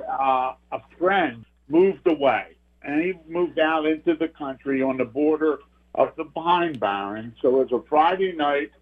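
An older man, earnestly telling a personal ghost story as a caller. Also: a little high. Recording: tinny phone line.

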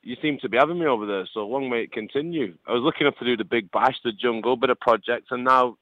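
A man's voice: medium pitch, quick pace, no echo. A forty-year-old man from Lancashire with a Lancashire accent, a radio guest chatting in a jokey, restarting way. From Lancashire, England. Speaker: phone guest. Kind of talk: casual chat. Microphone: phone line. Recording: tinny phone line.

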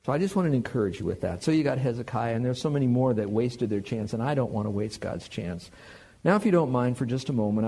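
A man preaching a sermon in a conversational, animated way, joking with the congregation. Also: mid-range voice, husky.

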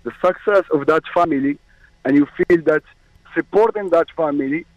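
A man from Morocco calling in to a radio show, speaking earnestly with many halting restarts. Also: a little high, no room sound. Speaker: caller. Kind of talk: call-in phone chat. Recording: dull lo-fi phone line.

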